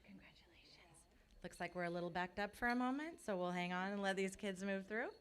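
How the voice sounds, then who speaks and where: A woman's voice: mid-range voice, fast. A woman calling up students at a school board award ceremony, friendly and careful to say each name right. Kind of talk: reading names at a ceremony. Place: school board meeting room.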